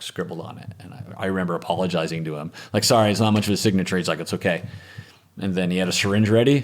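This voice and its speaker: A man as an interview guest, telling a personal story in a reflective, matter-of-fact way that often trails off softly. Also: low-pitched. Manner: reflective, matter-of-fact, with frequent restarts and trailing soft phrases.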